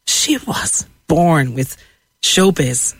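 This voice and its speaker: A woman's voice: low voice, big pitch swings, very slow, slightly rough, dry recording. A woman hosting an arts radio show, chatting enthusiastically and laughing easily. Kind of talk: casual radio chat.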